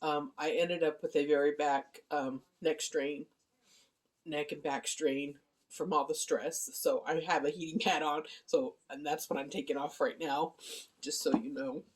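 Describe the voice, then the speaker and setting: A middle-aged woman giving a casual personal video update from her home, speaking softly and haltingly with many ums and apologies. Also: low-pitched, fairly even intonation, husky. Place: at home, indoor living room. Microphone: handheld phone camera.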